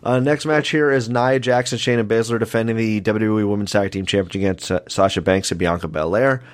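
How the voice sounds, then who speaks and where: Low-voiced man hosting a wrestling show. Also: fairly even intonation, brisk. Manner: announcer-like, addressing listeners as folks. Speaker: podcast host. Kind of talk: casual wrestling predictions.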